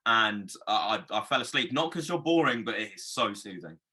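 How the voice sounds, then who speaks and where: A man's voice: fairly low pitch, animated, normal speed, bright, forceful tone, breathy edge. A man hosting a podcast interview, friendly and hesitant, often repeating his words. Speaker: podcast host.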